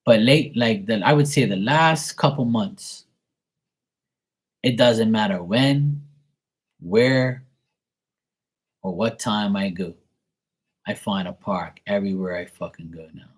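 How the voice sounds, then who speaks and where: A man's voice: fairly low pitch, takes it slowly, pauses often, breathy edge, low-quality recording. A man hosting a tarot reading live stream, telling profane, chatty anecdotes. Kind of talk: casual live-stream storytelling.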